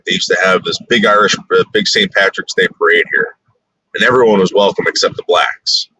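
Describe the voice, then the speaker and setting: Low-voiced blunt man rambling. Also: steady tone, brisk, sharp tone, a little hiss or hum, poor audio. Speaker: vlogger. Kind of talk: casual tour narration.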